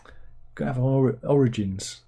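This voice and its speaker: A man talks casually into a desk mic on a livestream, rambling and sardonic, jumping now and then into high incredulous exclamations. His voice sits mellow and dark in tone. There is a soft, husky grain to it. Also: moderate pace. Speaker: livestream host reading chat. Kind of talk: casual chat.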